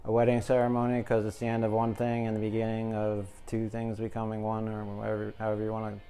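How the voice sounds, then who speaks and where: A man's voice: fairly low pitch, completely flat delivery, fast, dark tone, clean tone. A man giving a casual, jokey tarot reading, talking to his viewers as the collective. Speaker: tarot reader. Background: music.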